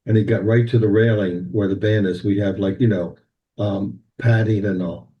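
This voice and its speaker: An older man, a guest on a podcast, recalling old times in an animated, anecdotal way. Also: on the low side, moderate pace, highs cut off. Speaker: band president, guest. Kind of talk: podcast interview, storytelling.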